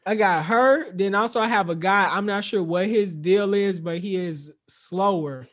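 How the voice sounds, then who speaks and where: A man's voice: high-pitched, unhurried, a bit bright. A young man co-hosting a podcast, chatting casually and telling stories with lots of swearing and quoted asides. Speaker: podcast co-host. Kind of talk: casual chat.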